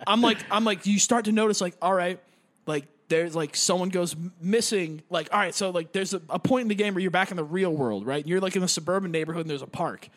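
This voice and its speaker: A man's voice: high-pitched, fast talker. A young man chatting casually and rambling, with lots of filler words and swearing. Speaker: gamer describing a game. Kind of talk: casual chat.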